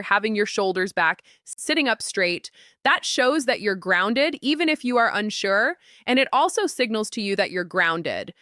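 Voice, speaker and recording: A woman giving a motivational talk on confident communication, lively and acting out the quotes in her stories. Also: on the high side, dry recording, clean studio sound. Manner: animated, acts out quotes and stories.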